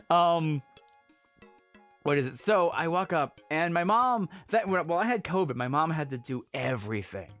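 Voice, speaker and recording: Lively man telling a story on stream. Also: mid-range voice. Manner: animated, laughs often, breaks off to answer chat. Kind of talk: casual livestream storytelling.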